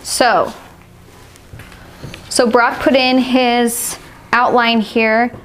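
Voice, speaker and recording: A woman's voice: a little high, little pitch movement, drawn-out words, slight background noise. A woman teaching a live watercolor painting class, explaining steps patiently and laughing often. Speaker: art instructor.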